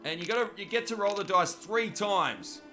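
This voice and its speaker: Bright-voiced cheeky Australian gamer. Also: male voice, high voice, expressive, moderate pace, faint music behind. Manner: cheeky, joking, chats to viewers by name. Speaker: gaming commentator. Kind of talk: live gameplay commentary.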